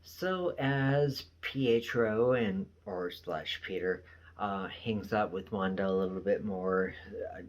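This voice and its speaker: Deep-voiced guy recapping an episode, slow and rambly, lots of ums. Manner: rambling, with many fillers and trailing asides. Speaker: show reviewer.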